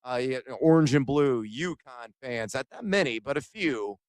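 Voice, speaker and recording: Male radio co-host, animated storyteller, dry close mic, mid-range voice. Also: mid-range voice, moderate pace, no room sound. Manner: animated storyteller, acts out quoted exchanges. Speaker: sports radio co-host reporting from an event. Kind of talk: excited sports radio storytelling.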